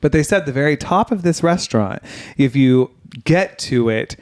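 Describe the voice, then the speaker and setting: A man's voice: on the high side, normal speed. A man from Ohio co-hosting a podcast, telling stories in casual chat and laughing often, through a headset mic. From Ohio, USA. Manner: laughs often, relaxed storyteller. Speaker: podcast co-host.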